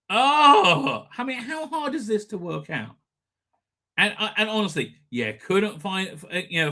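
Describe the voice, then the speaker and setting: A man's voice: high-pitched, pushed and bright. A man hosting a live stream, ranting sarcastically and crudely at video clips and swearing freely.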